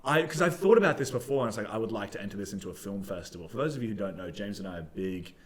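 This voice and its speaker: A man's voice: on the low side, expressive, racing. A young man, co-hosting a podcast in casual, jokey, rambling chat. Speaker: podcast co-host.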